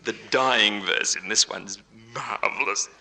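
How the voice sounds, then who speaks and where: A man's voice: on the low side, slow, vocal fry. Jokey man doing stage patter. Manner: jokey, chatty banter with the band and audience. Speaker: stage entertainer. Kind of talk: live stage patter between songs. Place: large live venue stage. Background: band music.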